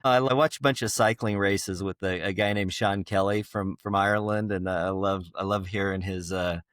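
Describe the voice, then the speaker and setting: A man's voice: sits low, steady tone, normal speed, a bit bright, smooth, dry recording, studio quality. A man hosting a podcast, reading a scripted intro and then chatting in a friendly, easygoing way. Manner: friendly, easygoing, some filler words. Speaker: podcast host.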